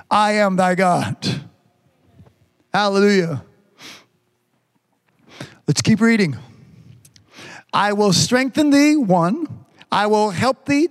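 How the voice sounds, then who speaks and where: A man preaching a sermon, reading scripture slowly and stretching the words, with frequent amens. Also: high voice, in a large hall. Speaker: pastor.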